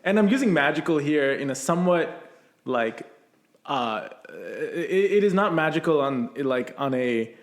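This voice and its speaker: Guy chatting on a podcast, kinda high voice, lots of "like", roomy echo. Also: expressive, a little slow. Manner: rambling, many "like" fillers. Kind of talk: casual podcast chat.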